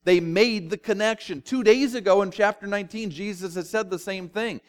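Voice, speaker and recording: With a high-pitched voice, this man delivers a sermon as pastor, speaking with animation and a conversational tone. He leans on dramatic pauses and side remarks.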